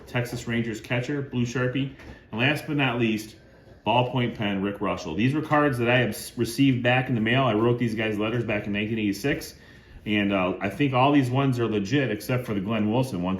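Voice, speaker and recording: A middle-aged man who collects cards, hosting a casual show-and-tell video. He reads items off one by one in a plain, conversational way. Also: fairly low pitch. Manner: lists items plainly, bursts into loud woohoo cheers. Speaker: card collector and channel host. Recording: echoey room with faint ambient noise.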